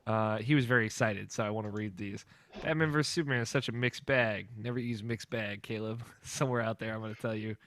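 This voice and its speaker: A man's voice: fairly low pitch, fairly even intonation, quick pace, a bit bright. A young man hosting a podcast in casual, rambling chat, laughing often. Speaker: podcast host.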